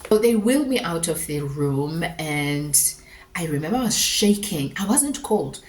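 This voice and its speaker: A young adult woman vlogger telling a personal story to camera, heartfelt and emotional, with earnest, rushed, worried questions as she relives each moment. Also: sits low, sing-song, darkish tone, slight background noise.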